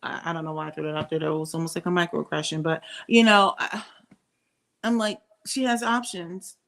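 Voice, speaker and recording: A woman's voice: sits low, fairly even intonation, a little fast, creaky, fairly bright tone. Middle-aged woman ranting casually to camera, opinionated, keeps restarting her thoughts. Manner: opinionated, candid, thinks aloud with many restarts. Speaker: commentary vlogger.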